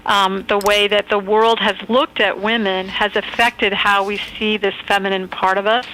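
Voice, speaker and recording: A woman author calling in to a radio interview, speaking in a thoughtful, measured, earnest way. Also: mid-range voice, flat delivery, pushed and bright, slight background noise, rough recording. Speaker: author and phone-in guest. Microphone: phone call.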